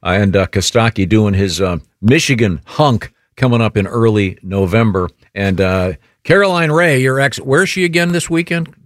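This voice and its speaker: A man's voice: lowish voice, normal speed, hardly any pauses, no room sound, clean studio sound. A man hosting a radio show, introducing segments loosely with many filler words.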